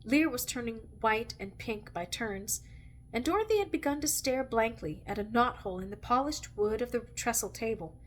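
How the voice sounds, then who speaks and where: Woman, novel read aloud, measured, expressive, slightly high voice. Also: slight background noise. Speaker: reader.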